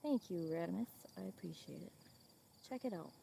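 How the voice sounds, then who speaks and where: A chatty woman with a Midwestern accent hosts a casual livestream while walking her farm, laughing easily and talking to her animals. Her voice has a gravelly, fry-laced edge. Insects and crickets chirp outside around her. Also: fairly low pitch, expressive, fairly quick, dark tone, slight background noise. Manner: chatty, laughs often, talks to chat and animals. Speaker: livestream host. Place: outdoors on a farm.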